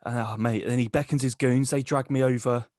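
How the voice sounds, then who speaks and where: A man's voice: medium pitch, steady tone, a little fast, darkish tone, dry recording. Dry-voiced man spinning a crude tall tale. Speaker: podcast co-host. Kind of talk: comic storytelling.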